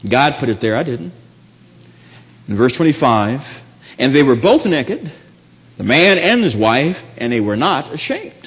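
A man preaching a sermon in an animated, emphatic way, his voice jumping up high when he gets excited. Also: unhurried, long pauses. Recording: dull lo-fi recording in a reverberant hall.

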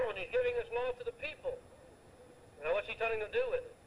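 Man, sermon, very high voice, emphatic, rhetorical questions, faint hiss behind. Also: quick pace, low-quality recording. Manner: emphatic, asks rhetorical questions and answers them. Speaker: preacher. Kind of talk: sermon, expounding scripture.

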